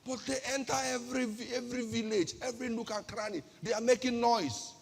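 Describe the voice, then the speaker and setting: A woman's voice: a little high, brisk, a little mellow, breathy edge, in a large hall. A woman pastor with a Nigerian accent giving an emphatic sermon-style talk, firing off rhetorical questions and repeating her key phrases.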